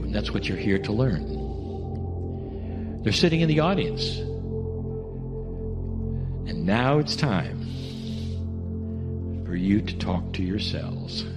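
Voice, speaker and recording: Man leading a spiritual guided meditation, coaxing and gentle, middle-pitched voice, long hall reverb with music under it. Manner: gentle, coaxing, addresses listeners directly with questions. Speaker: spiritual channeler.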